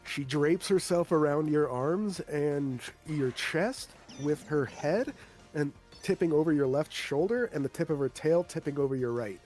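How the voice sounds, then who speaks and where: A man's voice: on the high side, measured pace, a little mellow, soft background music. Male game master, casual storyteller, a little bossy with the table.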